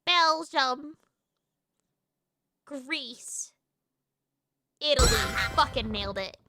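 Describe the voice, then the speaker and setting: An American woman streaming live, chatting casually with her viewers in an excitable, sweary way with quick comebacks. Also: high voice, faint music behind. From United States.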